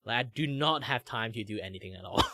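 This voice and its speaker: Speaking a little fast at medium pitch, this young Malaysian-accented streamer rambles through a casual chat as he draws. He fills his talk with "like" and lively impressions, though the audio is very noisy.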